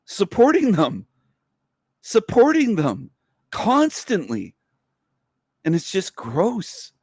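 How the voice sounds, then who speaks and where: A man hosting a livestream, delivering an angry, profane, repetitive rant whose pitch climbs sharply as he gets worked up. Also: no echo, clean studio sound. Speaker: livestream host. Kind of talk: ranting livestream monologue.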